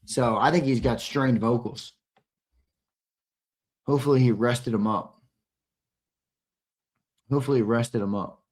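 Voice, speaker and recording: A man's voice: medium pitch, fairly even intonation, measured pace, pauses often, darkish tone. A young man co-hosting a live sports stream, reading the chat in a brash, teasing, profane way, his voice a little strained. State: slightly strained voice.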